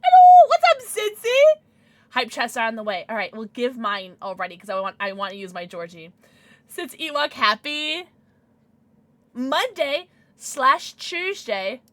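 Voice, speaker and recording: A woman's voice: fairly high pitch, expressive, unhurried, pushed and bright, no room sound. A young woman livestreaming, chatting casually with her viewers, giddy and emotional, often squealing and laughing.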